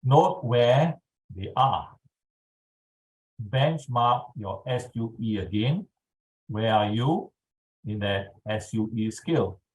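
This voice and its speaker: A man leading a guided tapping exercise over a video call, speaking calmly and checking in often with his listeners. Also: mid-range voice, poor audio. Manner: slow, calm instructional pacing with frequent "all right". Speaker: EFT tapping instructor.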